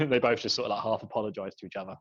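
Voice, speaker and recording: A man's voice: fairly low pitch, very fast, no echo. A man co-hosting a casual podcast who laughs often and mimics characters as he talks. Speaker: podcast co-host. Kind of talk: casual podcast review chat. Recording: dull, slightly muffled dry mic.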